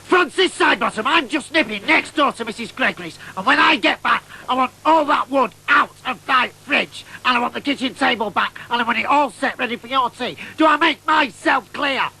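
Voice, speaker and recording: A man's voice: very high-pitched, fast, gravelly, few pauses, bright, forceful tone, pitched above the performer's own voice, full character voice. A man voicing a bossy, scolding mother in a comic monologue. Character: stern scolding northern mum.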